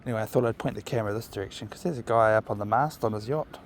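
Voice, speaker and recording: A man's voice: on the low side, very fast, slight background noise. A man, chatting casually to camera while walking his dog outdoors by the sea. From New Zealand. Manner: relaxed, chatty, talks to his dog with soft commands. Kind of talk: casual outdoor vlog chat. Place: outdoors by a marina on a windy evening walk.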